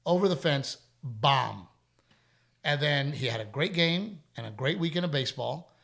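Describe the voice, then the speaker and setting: Animated and speaking at normal speed, a middle-aged man hosts a podcast in a slightly high, a bit bright voice with vocal fry. He talks candidly, tells stories, and repeats himself when making emphatic points.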